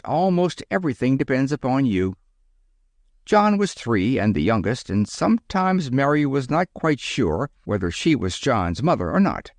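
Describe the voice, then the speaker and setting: Guy narrating a kids' storybook, animated melody, mid pitch, dry close mic. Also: no room sound. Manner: lively, expressive storytelling. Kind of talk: children's audiobook narration.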